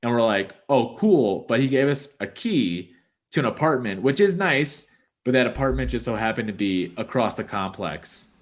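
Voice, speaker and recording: A man's voice: medium pitch, animated, moderate pace. A young man, a podcast host, telling a long rambling story in casual chat, full of "like" and "dude".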